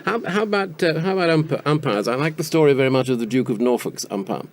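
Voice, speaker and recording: A man interviews his guest at a quick clip. His questions come briskly, with a light, teasing edge. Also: a little high, lively intonation.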